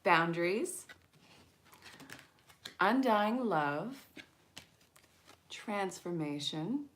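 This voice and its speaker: A woman chatting excitedly on a live stream as an angel card reader, talking to her viewers and laughing often. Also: on the low side, drawn-out words. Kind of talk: casual live-stream chat.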